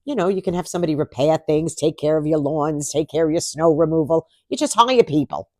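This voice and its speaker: A woman's voice: low-pitched, fairly quick, mellow, no echo, clean studio sound. A woman vlogger talking casually to camera, chatty and sarcastic, laughing often.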